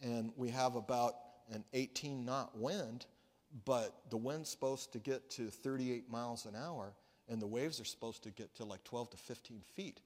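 A male pastor with a mid-range voice delivers a sermon at a moderate pace, telling a story conversationally and restarting often. A large hall's long reverb surrounds his words.

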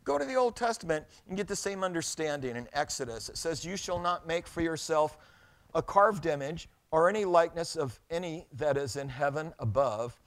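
Animated preacher man, fairly high voice. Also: moderate pace. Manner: animated storytelling, reads scripture aloud, repeats words. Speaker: pastor. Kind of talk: sermon.

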